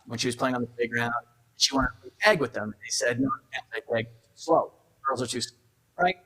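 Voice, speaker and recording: Animated male keynote storyteller. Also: mid-range voice, low-quality recording. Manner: animated storyteller acting out dialogue. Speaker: keynote speaker. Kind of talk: motivational storytelling speech. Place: event hall.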